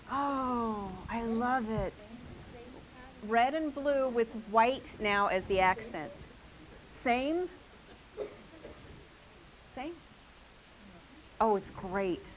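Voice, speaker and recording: A woman's voice: a little high, poor audio. Enthusiastic woman hosting a quilting class. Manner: enthusiastic, praising each quilt. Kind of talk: live quilt show-and-tell with a group. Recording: faint hiss.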